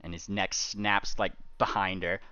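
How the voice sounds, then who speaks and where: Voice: low-pitched, level tone, measured pace, muffled recording, crowd noise. A game master narrating a tabletop game who laughs often and stumbles over restarts.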